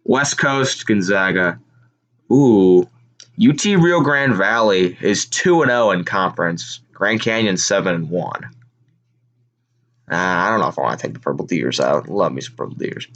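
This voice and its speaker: A man hosting a casual live reaction stream, telling rambling, animated stories. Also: low-pitched, measured pace. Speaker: sports live-stream host.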